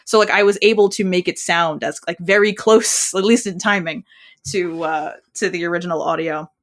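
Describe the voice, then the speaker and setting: A woman co-hosting a podcast in casual chat, rambling and animated, restarting sentences as she goes. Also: lowish voice, normal speed. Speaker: podcast co-host.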